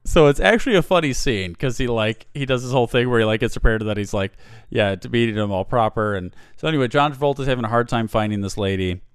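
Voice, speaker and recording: A man's voice: mid-range voice, quick pace, hardly any pauses, smooth, no echo, studio quality. A man hosting a casual chat, rambling through a film plot with many fillers and restarts. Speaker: podcast host reviewing a film.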